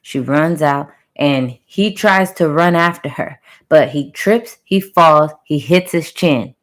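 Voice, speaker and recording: A woman with a fairly low voice tells a channeled story to her viewers in loose, chatty talk. She keeps it conversational and playful, with sound-effect words tossed in along the way. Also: slow. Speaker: spiritual reader telling a channeled story.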